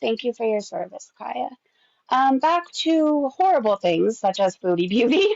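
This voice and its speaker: Creaky-voiced woman chatting gossip. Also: a little high, animated, unhurried, darkish tone, no room sound, lo-fi sound. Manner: chatty, swearing, laughs often. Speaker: gossip commentary host. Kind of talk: casual gossip commentary.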